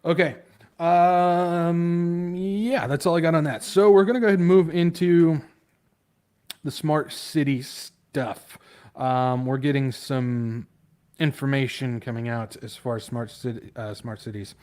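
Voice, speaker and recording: A man's voice: on the high side, unhurried, a little mellow, clean tone. Rambling, off-the-cuff male livestream host. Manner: rambling, stumbles over hard words and laughs at himself; loose and off the cuff, trails off into mumbles. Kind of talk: casual livestream commentary.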